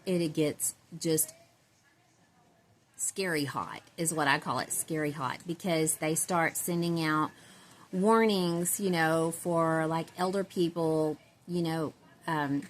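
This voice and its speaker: Woman vlogger, lowish voice, rambling casual chat with frequent laughs. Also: a little hiss or hum. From Central Texas. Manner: rambling, chatty, laughs often, self-described country girl. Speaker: doll-collecting vlogger.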